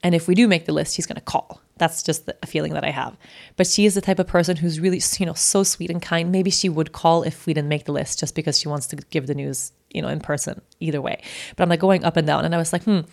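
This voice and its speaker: Gravelly-voiced woman telling a personal story. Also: deep voice, steady tone, quick pace. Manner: candid, chatty, full of fillers. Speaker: podcast host.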